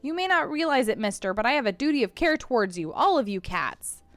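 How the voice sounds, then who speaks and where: Young woman scientist, cross and fretful, high and lively; read by a woman. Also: a little fast, no echo. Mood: scolding. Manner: urgent, scolding.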